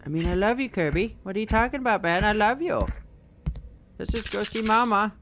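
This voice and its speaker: A man commenting while he plays a horror game, swearing a lot and yelling when scared. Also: sits high, a little fast, noisy background. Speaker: YouTube gamer. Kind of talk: let's play commentary.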